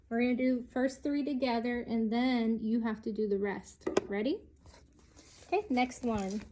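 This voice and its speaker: A woman's voice: a little high, warm tone, a little hiss or hum. A woman teaching a children's lesson, speaking patiently and sounding out each letter.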